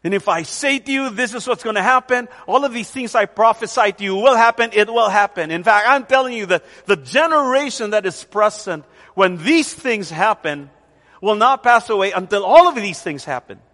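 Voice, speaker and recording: A high-pitched man preaching with emphatic force, stretching out key phrases slowly for weight. His voice carries a long reverb, as if in a large hall. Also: animated, bright, forceful tone. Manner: emphatic, with slow stressed phrases. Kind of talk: sermon.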